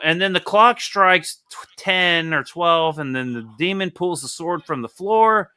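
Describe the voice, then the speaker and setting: A young man hosts a laid-back comic review, animated and profane as he jokes through the pages. His voice sits a little high, bright and crisply clear. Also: measured pace. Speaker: comic book review host. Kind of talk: casual podcast chat.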